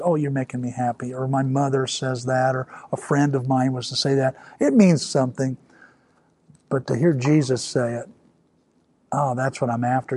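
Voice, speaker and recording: A man's voice: mid-range voice, a little mellow, dry recording. A man preaching a sermon in a conversational way, building to emphatic peaks. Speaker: pastor.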